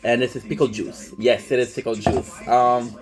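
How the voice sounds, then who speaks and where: A man's voice: medium pitch, fairly even intonation, moderate pace, faint music behind, poor audio. A man chatting casually on a phone live stream, rambling loosely, swearing freely and greeting viewers by name.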